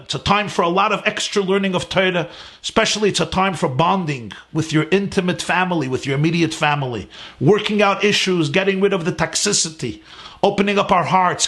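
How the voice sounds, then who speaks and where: A man's voice: high voice, vocal fry, a bit bright. A man, a rabbi, giving an earnest, emphatic sermon-style class from his home, building his points in rising lists.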